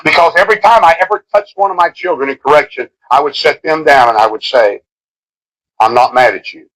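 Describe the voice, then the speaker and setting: A middle-aged preacher man delivers an impassioned sermon, his voice bright and forceful. He swings between loud, driving lines and hushed ones. The sound comes from an old cassette tape of a live service. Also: fairly high pitch, a little fast, poor audio.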